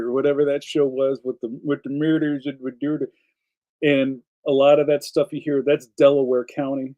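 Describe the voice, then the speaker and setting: Heard over a low-quality streaming microphone, a man from Philadelphia speaks in a warm, somewhat high voice. His casual stream rambles across topics as he replies to what viewers write.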